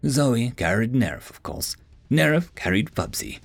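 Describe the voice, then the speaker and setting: A man's voice: medium pitch, very animated, slow pace, gravelly, dry recording, faint music behind. A man narrating a story as an audiobook reader, lifting his voice a little for the characters' lines.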